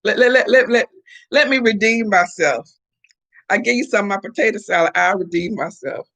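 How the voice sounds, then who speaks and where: Woman host, playful live-chat talk, mid-pitch, answering comments. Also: moderate pace, a bit bright. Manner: chatty, playful, talks back to viewers. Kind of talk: casual morning chat reading viewer comments.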